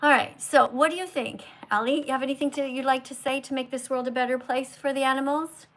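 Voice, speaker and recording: A woman with a fairly high voice hosts a live stream on her phone. She speaks in an emphatic, earnest, lecturing way, addressing a guest and her viewers directly. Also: steady tone, fast talker, a bit bright. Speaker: livestream host.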